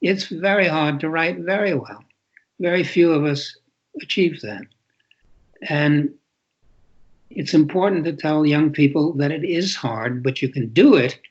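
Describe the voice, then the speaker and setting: Unhurried and prone to long pauses, this older author speaks in a slightly high voice as a podcast guest. He recounts reflective stories and keeps restarting sentences, all on a dull lo-fi recording.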